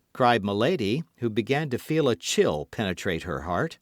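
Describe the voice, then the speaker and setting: A man narrating a classic novel as an audiobook with an expressive reading. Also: lowish voice, moderate pace, few pauses, no echo, studio quality. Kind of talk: scripted narration.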